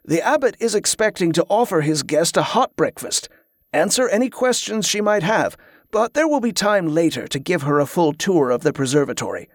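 A calm, courteous monk from an audiobook, as a reader puts him on. He speaks formally and at a measured pace. The voice is dry and close. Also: mid-range voice, dry recording. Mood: instructing. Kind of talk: audiobook character voice.

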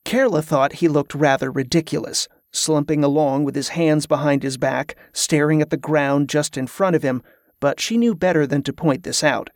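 A steady audiobook narrator reading a novel at a middle pitch. The delivery is even and plain. The recording is close and dry, with no room sound. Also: moderate pace, no room sound. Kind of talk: scripted narration.

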